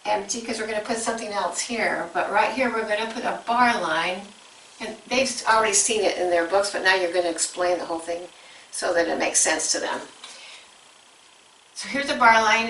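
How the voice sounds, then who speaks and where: A woman's voice: mid-range voice, a bit bright, reverberant, far from the mic, a little hiss or hum, rough recording. A woman coaching teachers through a music lesson, explaining step by step and breaking into short sung examples.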